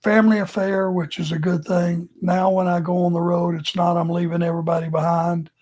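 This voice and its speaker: A man's voice: high-pitched, little pitch movement, brisk, darkish tone. An older man with a Southern US accent, co-hosting a casual podcast, laid-back and plainspoken. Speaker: retired wrestler, co-host.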